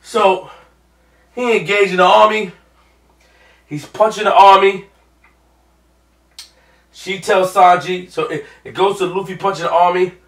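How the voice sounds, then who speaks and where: A man hosting a manga reaction, ranting with profanity and swinging from mumbled recaps to yelling. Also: sits high, steady tone, measured pace, pauses often. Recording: echoey room, far from mic.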